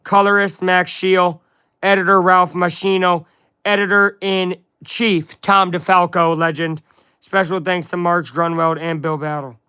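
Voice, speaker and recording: Chatty man with a slightly high voice. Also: little pitch movement, measured pace, sharp tone, clean tone, no echo, studio quality. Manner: chatty, jumps between reading and asides to viewers. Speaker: live streamer. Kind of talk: casual live-stream chat while reading a comic aloud.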